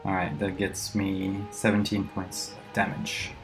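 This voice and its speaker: A man with a lowish voice chats as a player in a tabletop game, upbeat and talkative. Faint music sits behind him. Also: completely flat delivery, unhurried. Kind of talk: casual game chat.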